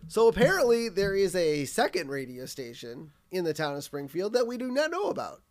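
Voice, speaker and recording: Man, podcast co-host, casual recap chat, high pitch, very animated delivery. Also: a little fast. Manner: animated, acts out quotes in put-on voices.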